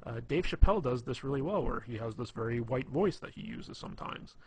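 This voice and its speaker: A man's voice: medium pitch, animated, brisk, a little hiss or hum. A man giving casual, rambling advice on being funny, full of fillers and restarts. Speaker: dating advice presenter. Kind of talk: casual instructional talk.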